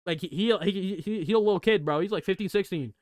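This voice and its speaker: A man hosting a gaming channel, reacting to a story game with excitable, profane, slang-heavy rants. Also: high voice, quick pace, no room sound. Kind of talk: casual let's play reaction commentary.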